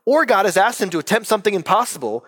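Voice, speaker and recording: A man in his thirties, a pastor preaching a sermon in an animated, conversational way. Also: high-pitched, quick pace. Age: 30s. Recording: long reverb of a large hall.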